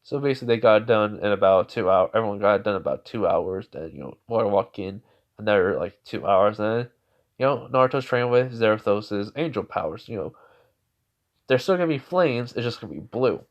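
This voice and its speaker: A man's voice: on the low side, lively intonation, brisk. A man narrating an improvised fan story in a rambling way, full of fillers and restarts. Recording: dull lo-fi recording.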